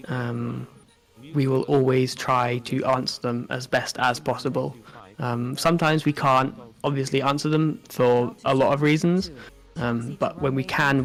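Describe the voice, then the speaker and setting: A man co-hosting a live stream, chatting casually with a relaxed manner and frequent ums. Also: mid-range voice, gravelly. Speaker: stream co-host.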